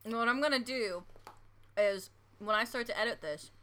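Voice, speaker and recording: A woman's voice: fairly high pitch, normal speed, sharp tone. An American woman co-hosting a comedy podcast, chatty and giggly with lots of fillers. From United States. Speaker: podcast co-host. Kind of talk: casual chat.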